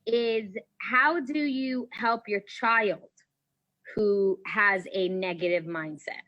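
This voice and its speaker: A woman's voice: mid-range voice, slow pace, pushed and bright, dry recording, dull audio. A woman co-hosting a talk show, chatty and enthusiastic as she relays viewer questions. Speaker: co-host.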